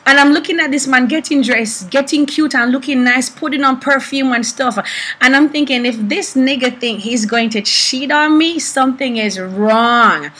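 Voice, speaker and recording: A young woman prophetess teaching about prophecy through animated personal stories, acting out the people she quotes. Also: high voice, moderate pace, breathy edge, poor audio. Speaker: prophetess and preacher.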